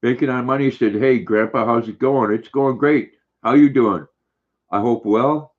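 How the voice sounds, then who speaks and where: An older man hosting a casual livestream, reading viewer comments aloud in a relaxed, friendly, chatty way. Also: mid-range voice, moderate pace. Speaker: livestream host. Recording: dull lo-fi stream audio.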